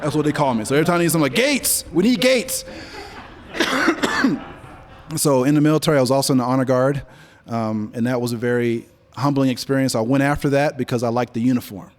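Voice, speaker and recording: On stage at an event venue, a business leader in his forties is interviewed before a live audience, telling stories in a relaxed, conversational way. He gets animated whenever he quotes other people, and his mid-range voice moves very fast.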